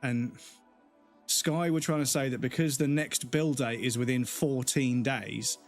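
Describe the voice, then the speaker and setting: A man's voice: mid-range voice, fairly even intonation, a little slow, soft background music. A man, a gaming streamer, angrily ranting in a casual live stream full of swearing. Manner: angry, profane ranting.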